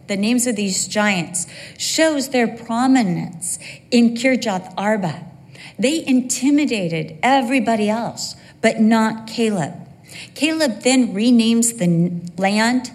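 A middle-aged woman preaching a sermon in a church, lively and humorous, acting out bits of dialogue with quick asides. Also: fairly high pitch. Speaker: women's Bible teacher. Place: church sanctuary. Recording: long hall reverb.

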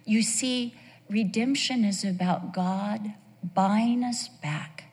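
A woman teaching a Bible sermon to a women's group, conversational and animated, telling stories with rhetorical questions. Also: medium pitch, slow, big-room sound.

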